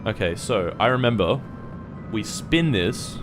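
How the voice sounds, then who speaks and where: Excitable young man streaming a game. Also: fairly low pitch, measured pace, over music. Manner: animated, swings from muttering to shouting and swearing. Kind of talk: live gameplay commentary.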